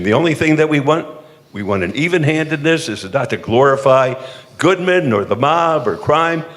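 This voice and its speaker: An older man from the eastern United States, a former mayor telling self-deprecating, jokey stories on a panel, with frequent restarts. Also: mid-range voice. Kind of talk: humorous anecdotal storytelling on a panel. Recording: long hall reverb.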